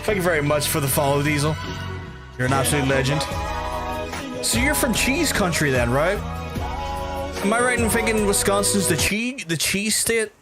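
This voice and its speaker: A man from Northern Ireland with a softened Belfast accent, chatting casually and swearing freely through his own game stream, restarting his sentences often. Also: high-pitched, very animated, moderate pace, pauses often, over loud music. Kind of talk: casual gameplay commentary.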